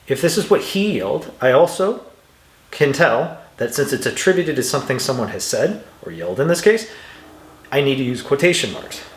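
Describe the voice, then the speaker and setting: A man with a medium-pitched voice, recorded with a roomy sound, patiently teaches English punctuation through example sentences he reads aloud with exaggerated intonation. His throat is dry, so he clears it now and then during this instructional walkthrough.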